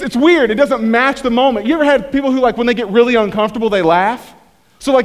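A man in his thirties, a pastor preaching a conversational sermon to a church, full of restarts and acted asides. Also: high-pitched. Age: 30s. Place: church hall.

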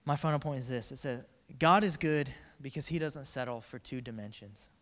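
Casual joking preacher in a big hall. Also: male voice, medium pitch, moderate pace. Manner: energetic, joking, acts out quotes in voices. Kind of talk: casual sermon. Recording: reverberant hall.

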